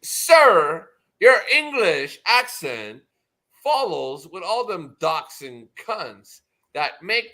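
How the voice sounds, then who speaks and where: A drunk man rants in a loose, slurred, profane ramble on a livestream. His voice sits a little high and sounds bright and forceful, and he swears his way through run-on sentences. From United States. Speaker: livestream host. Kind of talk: casual livestream chat.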